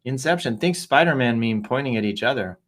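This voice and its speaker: A man of ordinary pitch hosts a casual live stream from his desk. He reads posts and viewer comments aloud and breaks in with playful, self-mocking asides. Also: lively intonation, brisk. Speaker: livestream host reading social media posts.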